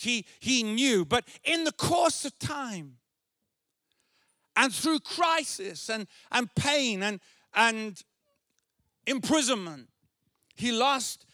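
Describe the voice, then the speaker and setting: Male pastor, drawn-out sermon delivery, earnest, escalates to shouts. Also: very high-pitched, no room sound, studio quality. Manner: earnest, repeats phrases, builds to shouted emphasis.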